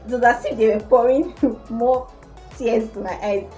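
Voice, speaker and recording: A young woman from Nigeria recounts a school memory in a casual vlog. Her tone is mellow and animated. Soft background music plays faintly behind her. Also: a little high, a little fast, low-quality recording. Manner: animated storytelling. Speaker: vlogger. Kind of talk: casual storytelling to camera.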